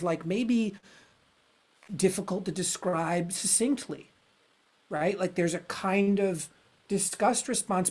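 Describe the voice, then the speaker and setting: A man's voice: sits high, a little mellow. Man, podcast host, casual conversation, frank, rambling, swears freely.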